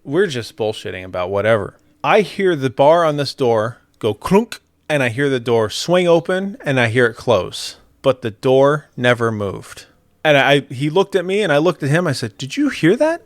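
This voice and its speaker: A man's voice: medium pitch, expressive, moderate pace, no echo, clean studio sound. A young adult man in casual chat, telling a ghost story with swearing and laughter.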